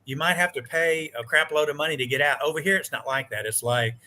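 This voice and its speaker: An American man joins a live stream as a guest over a video call, chatting casually and telling animated stories. He acts out quoted dialogue, swears mildly, and talks at a quick pace in a fairly high voice.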